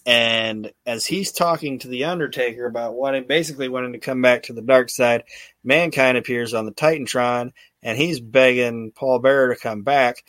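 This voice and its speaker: A man's voice: medium pitch, normal speed, fairly bright tone. A man hosts a podcast in loose, rambling chat, stumbling through restarts as he recaps. His voice sits in a middle range. The sound is dry and close, with no room echo. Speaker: podcast host.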